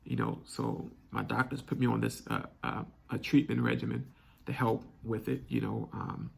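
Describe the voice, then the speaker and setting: A young man telling a personal story candidly, halting and restarting often. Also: medium pitch, big pitch swings, creaky, slightly rough. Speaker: vlog host.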